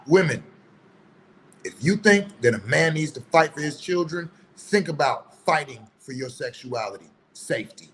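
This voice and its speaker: A man's voice: a little high, expressive, moderate pace, a bit bright, slight background noise, low-quality recording. Heated, preachy man with a slightly raised voice. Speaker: online commentator. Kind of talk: opinion monologue.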